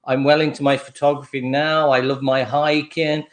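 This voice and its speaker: A man's voice: mid-range voice, level tone, moderate pace. Chatty older man on a livestream. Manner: chatty storytelling with laughs. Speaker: livestream host. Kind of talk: casual chat.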